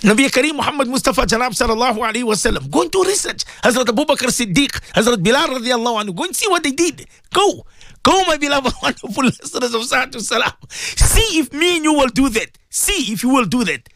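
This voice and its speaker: Guy preaching on religious radio, high voice swinging all over, keeps hammering the same lines, dry close sound. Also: very animated, quick pace, pushed and bright, dry recording. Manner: fervent, repetitive, preachy, addresses listeners directly. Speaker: Islamic radio presenter and maulana. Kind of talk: impassioned religious radio talk.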